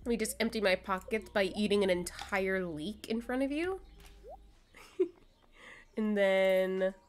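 A young adult woman streaming a farming game, chatting casually and giggling often as she plays. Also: a little slow. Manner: chatty, giggly, lively pitch swings. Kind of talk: casual gameplay chat. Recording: faint game music behind.

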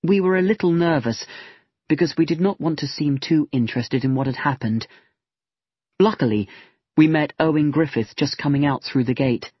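A man narrating a story in a careful, expressive audiobook reading. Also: a little high, normal speed, breathy edge, dry recording. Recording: dry, dull-sounding voice recording.

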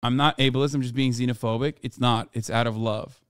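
A man's voice: mid-range voice, fairly even intonation, a little fast, clean tone, dry recording, studio quality. A man streaming live and reacting with profane, incredulous, joking commentary. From United States.

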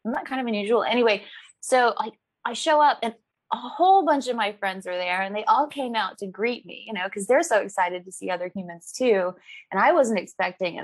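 An actress in a casual interview, talking in a chatty, animated way and laughing often. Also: female voice, medium pitch, no room sound. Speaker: actress guest.

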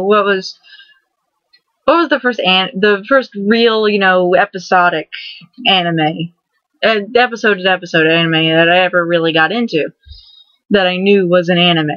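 A woman's voice: fairly low pitch, no echo. Rambling young woman vlogger, lo-fi. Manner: rambling, repeats and restarts words, excitable. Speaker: vlogger host. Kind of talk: casual vlog monologue. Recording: dull lo-fi dry recording.

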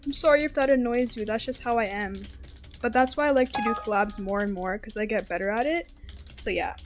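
Chatty, excitable young-sounding woman gamer. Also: on the high side, fairly quick, background noise. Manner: very talkative, excitable, squeals and repeats words when tense. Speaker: gaming video host. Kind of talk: casual gameplay commentary. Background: game background music.

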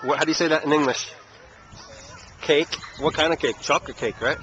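A man's voice: on the high side, a little fast, a bit bright, muffled recording. A man teaching a casual language lesson outdoors at a playground, asking patient, coaxing questions. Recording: noisy outdoor camera audio.

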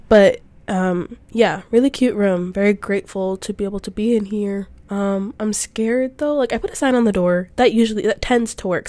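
A woman's voice: mid-range voice, darkish tone, no room sound. Rambling young woman with a sick voice. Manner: rambling, filler-heavy, self-deprecating. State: sick, congested. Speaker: podcast host. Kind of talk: casual solo podcast chat. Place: small room indoors.

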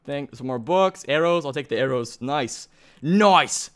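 A man hosting a gaming video, giving excitable, chatty let's play commentary and thinking aloud. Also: medium pitch, unhurried, clear, resonant tone.

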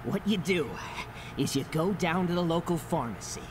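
A man's voice: on the high side, animated, normal speed, background noise, lightly acted. A man voicing a crude, mocking male vampire thug in a comedy parody dub, full of swearing taunts. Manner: foul-mouthed, sneering taunts.

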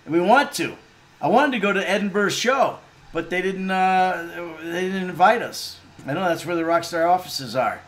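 A man's voice: high voice, animated, moderate pace, fairly bright tone. A middle-aged man casually chatting while playing a video game on stream, reading viewer comments and joking around. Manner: laid-back, chatty, laughs and swears freely. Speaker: actor streaming a game playthrough.

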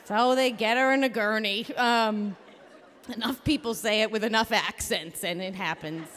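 A woman hosting a live storytelling show and telling a story on stage into a microphone, in an animated, comic, blunt and profane way. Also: mid-range voice, moderate pace, a faint crowd. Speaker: storyteller and host. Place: theater stage before a live audience. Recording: reverberant live theater hall.

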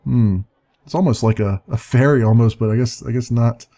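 A man's voice: mid-range voice, normal speed, warm tone. Man reading a text game aloud. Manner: musing, hesitant, chuckling. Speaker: let's play narrator.

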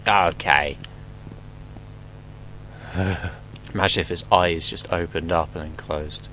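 A young man plays a horror game and narrates it casually, joking, cursing, and yelping whenever something jumps out. His voice is low and steady, with a sharp edge, and he takes his time. The rough recording carries a faint hiss or hum.

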